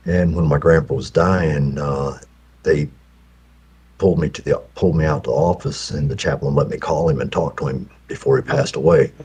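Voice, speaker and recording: A man in his fifties, in prison, telling a long personal story in an unhurried, rambling way with many fillers. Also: extremely low pitch, steady tone, darkish tone, slightly rough. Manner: unhurried, full of fillers and restarts.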